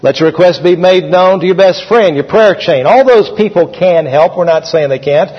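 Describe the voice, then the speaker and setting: A pastor preaches a sermon to a congregation, speaking conversationally and leading call-and-response. His high voice is expressive and slightly rough at a moderate pace, captured in a dull, echoey hall recording.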